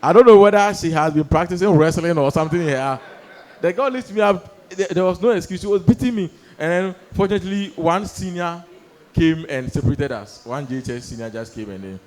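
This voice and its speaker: A young man doing stand-up storytelling on stage, animated, acting out voices and laughing through his lines. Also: fairly high pitch. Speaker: stand-up comedian. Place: comedy stage before a live audience.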